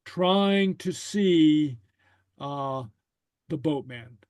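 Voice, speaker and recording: A man's voice: fairly high pitch, extremely slow, a little mellow, dry recording. A man teaching a language class, patiently saying phrases and translating them line by line. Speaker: Gaelic teacher.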